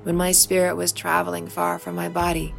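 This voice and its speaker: A woman voicing the gentle ghost of an ancient male shaman, calm and wise, in a storybook reading. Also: on the low side, brisk, gravelly, soft background music. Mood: solemn.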